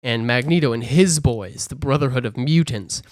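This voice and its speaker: Animated man recapping a film. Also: mid-range voice, no echo, studio quality. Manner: animated, acts out characters in quick voices. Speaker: podcast co-host. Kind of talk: casual movie recap chat.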